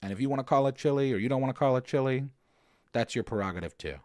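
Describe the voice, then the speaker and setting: A man's voice: mid-range voice, fast, darkish tone, no room sound, studio quality. A man in his thirties from the American South, hosting a casual show and rambling through listener questions with lots of fillers and restarts. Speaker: podcast host answering listener questions. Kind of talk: casual chat.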